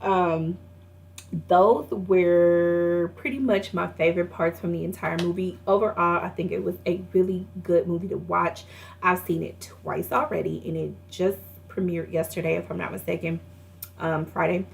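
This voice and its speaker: A woman's voice: on the low side, fairly even intonation, moderate pace, vocal fry. A young woman casually reviewing a movie, retelling scenes in a chatty way with lots of fillers and laughter.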